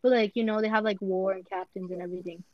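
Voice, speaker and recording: A woman's voice: mid-range voice, steady tone, fast, no echo. A woman co-hosting a casual podcast over an online call, rambling and laughing as she talks over the others. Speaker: podcast co-host. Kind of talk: casual chat. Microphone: headset on an online voice call. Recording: dull lo-fi call audio, dry.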